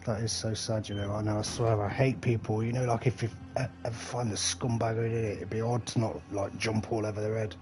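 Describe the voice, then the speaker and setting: A man's voice: on the low side, level tone, a little fast, few pauses, darkish tone. A middle-aged man, chatting loosely and swearing while he plays a game on a live stream and answers his chat. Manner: rambling and chatty, swears freely, talks to the chat.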